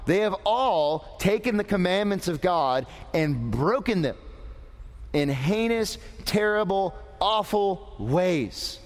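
Slow, lively preacher in a reverberant hall. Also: male voice, high voice. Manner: animated, asks the audience questions. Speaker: preacher teaching young people. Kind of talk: lively sermon.

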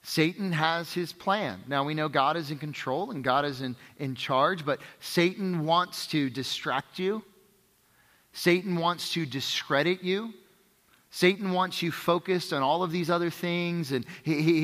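A man delivers a sermon with a bright, forward voice pitched a little high. He keeps it conversational, checks in with his listeners, and hammers his points through repetition. A long hall reverb trails behind every phrase. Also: a little slow. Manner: emphatic repetition. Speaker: pastor.

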